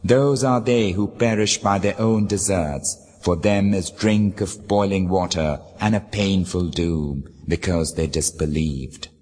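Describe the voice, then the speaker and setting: Man, solemn scripture reading, measured formal delivery, husky voice, long reverb. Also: low-pitched, a little mellow. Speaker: scripture reader.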